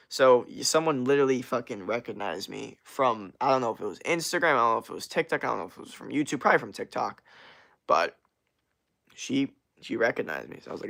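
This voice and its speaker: A man's voice: mid-range voice, animated, brisk, gravelly, fairly bright tone. A young man chatting casually on a livestream, rambling with lots of fillers and slang as he answers chat comments. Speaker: streamer.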